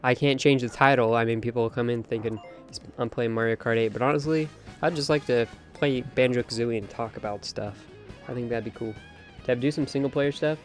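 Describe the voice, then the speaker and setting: A young man hosts a late-night gaming stream in a brisk, mid-range voice with fairly even intonation. He talks a lot, voices his opinions, and reads chat aloud as faint music plays in the background.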